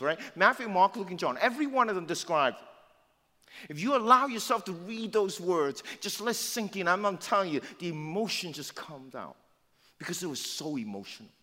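Animated preacher man in a reverberant hall. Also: high-pitched, normal speed. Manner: animated, swings from loud to hushed. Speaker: pastor. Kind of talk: Easter sermon storytelling.

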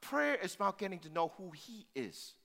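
A man's voice: sits high, very animated, normal speed, gravelly, pushed and bright. A male pastor giving a sermon, preaching emphatically and repeating phrases for force. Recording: long hall reverb.

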